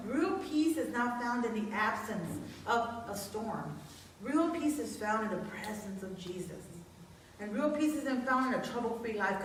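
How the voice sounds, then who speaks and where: A woman pastor delivers a casual, conversational sermon, weaving personal stories into her message. Her voice sits a little high. She is recorded from a distance in a strongly echoing church with faint hiss beneath. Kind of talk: informal sermon. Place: church sanctuary. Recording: echoey room, distant mic.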